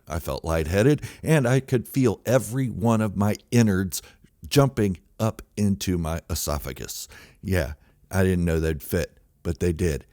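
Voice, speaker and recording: Deep-voiced man telling a comic story. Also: moderate pace, dry recording, clean studio sound. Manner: excitable, exaggerated, swings between loud outbursts and low mutters. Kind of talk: comic true-story monologue.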